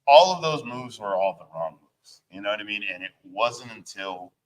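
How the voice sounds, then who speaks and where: Guy w a lowish voice, band member on an interview show, swears a ton, rambling casual stories. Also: expressive, moderate pace, poor audio. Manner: loose and profane, heavy swearing and fillers. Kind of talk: casual storytelling chat.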